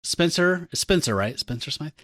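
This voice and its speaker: A chatty man co-hosting a casual comic book podcast. His voice is slightly high and animated, rising and dipping as he recaps. The sound is close and dry. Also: normal speed, no room sound. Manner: chatty, recapping, laughs often. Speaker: podcast co-host.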